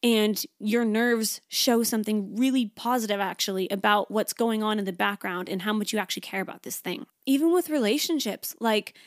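A woman with a mid-range voice hosts a self-help podcast, speaking fairly quickly with few pauses. She's chatty and reassuring, encouraging listeners and using "like" a lot as filler. The recording is studio quality with no echo.

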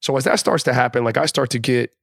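A man telling a locker-room story in a casual podcast chat, animated and profane, acting out the quotes. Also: mid-range voice, fast talker, gravelly, no room sound, clean studio sound. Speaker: podcast co-host, former NBA player.

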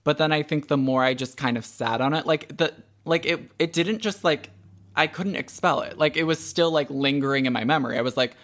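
A young man co-hosting a podcast, telling a story in casual chat, animated and swearing freely with lots of "like" fillers. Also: fairly high pitch, a little fast. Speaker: podcast co-host.

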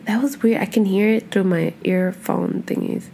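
A young woman talks loosely into her podcast mic, wandering off-topic and cussing freely. Her voice sits at a middle pitch, and her delivery is chatty and unpolished. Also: moderate pace, creaky, dark tone, slight background noise. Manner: rambling, chatty, cusses a lot. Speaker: podcast host. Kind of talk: casual chat.

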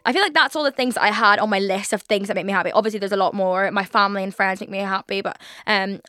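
A woman's voice: medium pitch, quick pace, pushed and bright, faint music behind. A twenty-year-old woman hosting a casual solo podcast, chatting freely with lots of fillers and swearing. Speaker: podcast host. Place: London.

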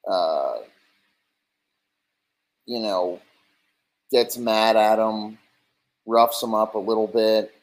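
Man in casual stream rant, slightly low pitch, rambling and foul-mouthed, mocking tone. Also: drawn-out words, long pauses, poor audio.

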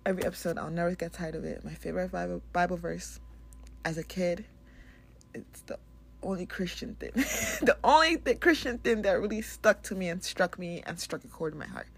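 A woman's voice: lowish voice, a little fast, vocal fry, husky. A woman hosting a casual spiritual talk, speaking candidly and bluntly, swearing and laughing often. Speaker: spiritual podcast host.

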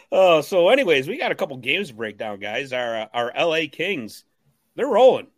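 A man's voice: a little high, very animated, normal speed, no room sound. Upbeat man hosting a podcast. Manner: upbeat hype-man introductions. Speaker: podcast host. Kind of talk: casual sports podcast chat.

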